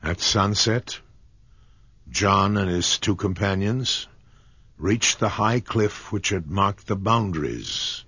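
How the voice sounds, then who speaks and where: Brief: low, husky male audiobook narrator, unhurried and dramatic, lo-fi. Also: fairly bright tone, no echo.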